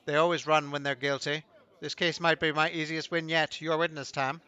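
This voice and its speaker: A man's voice: fairly high pitch, level tone, moderate pace, pushed and bright, smooth, muffled recording. A man voicing a smug, scheming male prosecutor in a video game, pompous and sneering.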